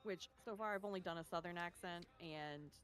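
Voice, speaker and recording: A streamer chatting casually and animatedly, swearing freely and laughing often. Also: medium pitch. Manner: lively, swearing, quick to laugh. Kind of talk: casual chat.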